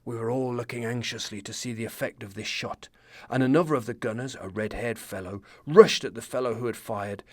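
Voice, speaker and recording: Rifleman recalling battle in an odd put-on accent, lowered voice, read by a man. Dry. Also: a little fast, no room sound, natural voice. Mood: recounting.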